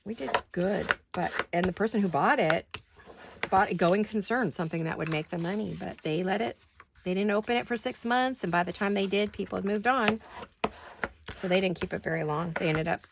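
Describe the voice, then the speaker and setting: A middle-aged woman talks through a paper craft in loose, rambling chat, drifting off topic and giggling now and then. Her voice has a gravelly, fry-tinged edge at an ordinary pitch. A faint hiss sits under the recording. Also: a little fast. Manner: chatty and rambling, breaks into fits of giggles. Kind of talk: casual craft-along chat.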